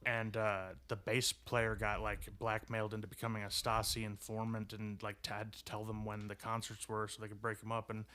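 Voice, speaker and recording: A man's voice: on the low side, monotone, brisk, few pauses, bright, forceful tone, clear, resonant tone. A young man co-hosting a casual podcast, rambling through stories with frequent laughter and swearing. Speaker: podcast co-host.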